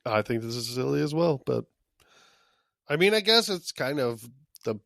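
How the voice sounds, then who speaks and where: A man's voice: medium pitch, big pitch swings, normal speed, vocal fry, a bit bright, no echo, clean studio sound. A man co-hosting a podcast in casual chat, riffing crudely and jokily on the episode. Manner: crude jokey riffing, mock-quotes characters. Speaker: podcast co-host.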